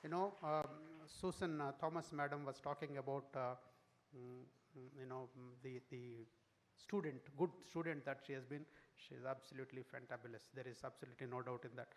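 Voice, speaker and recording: A man makes a formal speech at an event. He speaks haltingly, with plenty of fillers and restarts, at a middling pitch. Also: fairly even intonation. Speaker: sponsor giving a speech.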